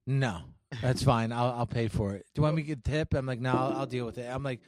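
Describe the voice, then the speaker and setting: A man co-hosting a podcast, telling stories in rapid, profane casual chat full of "like". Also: mid-range voice, darkish tone, no room sound, studio quality. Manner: rapid, profane storytelling with filler "like". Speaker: podcast co-host.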